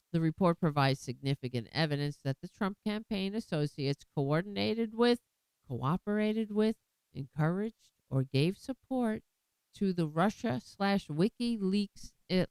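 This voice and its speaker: A woman's voice: lowish voice, a little slow, darkish tone, clean tone, no room sound, low-quality recording. A woman hosting her own political commentary show, talking bluntly and with indignation, often restarting her sentences.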